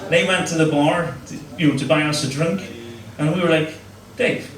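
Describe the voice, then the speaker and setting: On a comedy club stage, a Northern Irish comedian trades crude, crowd-teasing banter at a normal speed in a slightly high voice. The audio has a roomy, live feel from a distant mic, with the audience laughing throughout.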